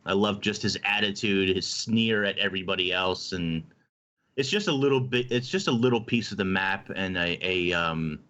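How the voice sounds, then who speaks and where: A man's voice: low voice, normal speed, a bit bright. A man co-hosting a casual panel chat, eagerly retelling a game's story in detail. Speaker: co-host. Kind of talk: casual panel chat about a video game.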